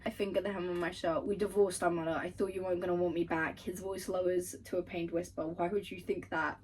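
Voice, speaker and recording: A woman's voice: on the low side, a little mellow, recorded from a distance, slight background noise, low-quality recording. Gushing young woman reading book quotes aloud. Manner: gushing, swears, reads passages aloud. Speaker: book vlogger. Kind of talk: casual chat and reading aloud.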